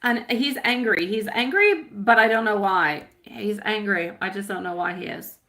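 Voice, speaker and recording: A woman's voice: medium pitch, moderate pace, pushed and bright. A woman giving a live-stream tarot reading, chatty and affectionate, often laughing at herself.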